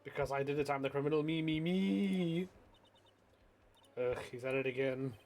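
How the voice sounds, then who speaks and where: A man's voice: mid-range voice, flat delivery, racing, close to an everyday voice. A man voicing a frantic young man in a video game who keeps pleading insistently. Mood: desperate. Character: frantic young man eagerly confessing to a crime.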